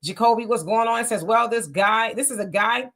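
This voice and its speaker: A woman's voice: fairly high pitch, moderate pace, fairly bright tone. A woman hosting a casual livestream, greeting viewers by name and reading their comments aloud. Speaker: livestream host reading chat. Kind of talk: casual live chat.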